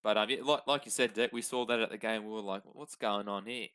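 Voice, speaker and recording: A man's voice: on the low side, steady tone, fast, a bit bright, smooth, poor audio. A young Australian man co-hosting a casual sports podcast, laid-back and rambling. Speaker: podcast co-host.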